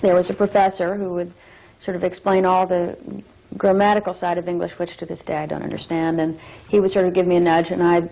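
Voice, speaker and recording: Actress guest on an interview show, low flat voice with some gravel, talks it through slowly. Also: female voice, rough recording. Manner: thoughtful, measured, with restarts. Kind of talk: reflective interview talk.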